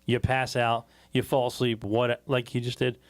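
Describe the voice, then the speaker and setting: A man co-hosting a podcast, telling a profane story in a casual, animated way. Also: medium pitch, moderate pace. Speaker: podcast co-host. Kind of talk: casual chat.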